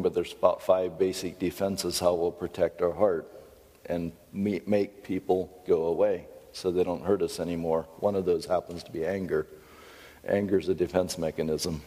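A middle-aged American pastor giving a folksy, conversational sermon with storytelling asides. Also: male voice, low-pitched, dark tone, in a large hall.

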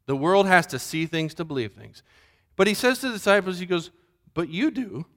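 A man preaching a sermon, asking rhetorical questions and dropping to a low, soft voice. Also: expressive, brisk, long reverb tail.

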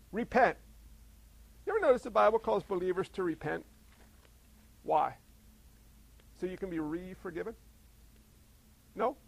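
A man's voice: high voice, vocal fry, rough recording. A middle-aged male pastor preaching a sermon in a conversational way, firing off rhetorical questions.

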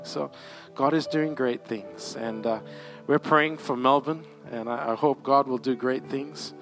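A man's voice: mid-range voice, unhurried, over music. A man preaching a conference sermon in a church, conversational, with asides and light laughs. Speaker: pastor.

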